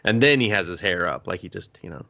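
A man's voice: deep voice, lively intonation, fast talker, vocal fry, sharp tone, dry recording. A man co-hosting a casual podcast, recapping a movie in a loose, joking ramble. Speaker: podcast co-host. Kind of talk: casual chat.

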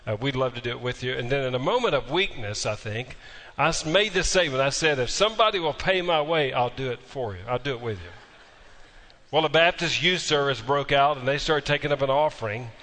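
A man's voice: mid-range voice, expressive, fairly quick, sharp tone, in a large hall. A man preaching a sermon as pastor, telling a humorous story before moving into emphatic preaching.

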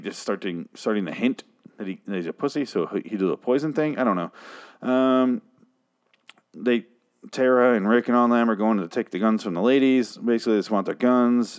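A man's voice: fairly low pitch, darkish tone. A man casually recapping a TV episode, rambling, sarcastic and profane, with frequent asides and restarts. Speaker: show recap host.

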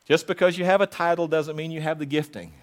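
Man preaching, fairly high voice, chatty then pushing hard, urging people on. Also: fairly even intonation, fast. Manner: conversational preaching, rising to urgent exhortation; retells a story in a low, quiet voice. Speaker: pastor. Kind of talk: sermon.

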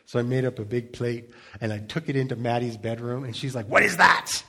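A middle-aged male pastor who preaches in a loose, chatty way, with a mid-range voice. He jokes, tells stories from home and trips over restarts as he goes. It sounds like relaxed talk from the pulpit. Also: medium pitch, brisk. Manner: chatty, humorous storytelling with frequent restarts and repeated words. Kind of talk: conversational sermon.

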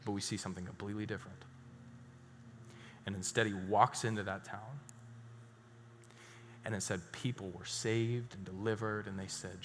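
A man preaching a sermon as a pastor, telling a story and dropping suddenly to hushed emphasis. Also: on the low side, fairly even intonation, normal speed, long pauses, noisy background. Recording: reverberant hall with faint music.

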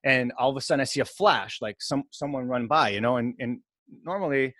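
A man's voice: mid-range voice, brisk, no echo, studio quality. A man hosting a podcast, telling a long rambling game story in casual chat, often restarting his sentences. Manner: rambling, animated, self-interrupting storyteller. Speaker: podcast host.

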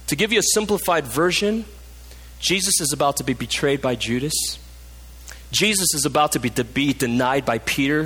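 A pastor preaching a passionate sermon, dropping low and soft for emphasis, in a church. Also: male voice, husky. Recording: long reverb of a hall.

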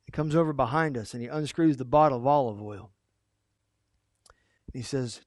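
A male pastor preaching a sermon in an animated, emphatic storytelling way. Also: mid-range voice, moderate pace, pauses often, no echo, studio quality.

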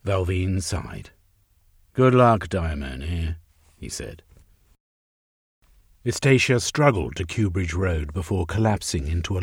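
Slow, expressive male story narrator. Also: deep voice, slightly rough, no room sound, studio quality. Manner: measured, expressive reading. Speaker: audiobook narrator.

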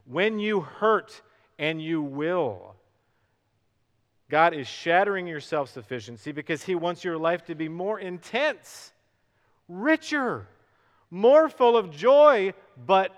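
A middle-aged male pastor preaching a sermon, swinging from hushed to loud and stretching out words for emphasis. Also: high-pitched, big pitch swings, takes it slowly, long pauses. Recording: long hall reverb.

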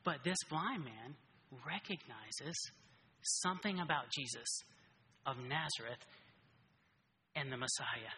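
A man preaching a casual, animated sermon who keeps checking in with his listeners by asking "right?". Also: mid-range voice, slow pace, pauses often. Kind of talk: conversational sermon. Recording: reverberant hall.

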